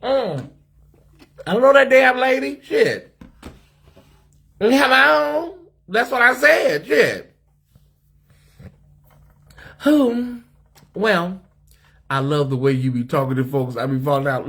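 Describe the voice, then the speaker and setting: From a hotel suite, a sassy American man livestreams, casually chatting with viewers and addressing their comments. He has a mid-range, somewhat bright voice with a breathy edge.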